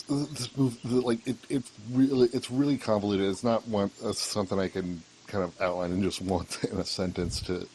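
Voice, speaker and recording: Low male podcast co-host, loose chatty delivery over faint background noise. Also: low-quality recording. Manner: rambling, many restarts and fillers. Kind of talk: casual chat, book review.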